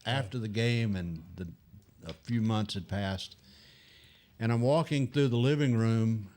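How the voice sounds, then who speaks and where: Older man telling animated stories. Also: fairly low pitch, measured pace. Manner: animated anecdotes, acting out other people's lines. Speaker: guest. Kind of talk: storytelling in casual chat.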